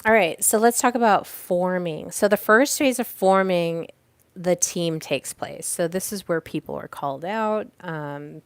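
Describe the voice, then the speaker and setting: A woman's voice: on the low side, smooth, no echo. A woman hosting a podcast, teaching about teamwork in a chatty, casual way with restarts and examples, speaking from home by a fireplace on a call. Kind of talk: casual teaching talk to a live audience.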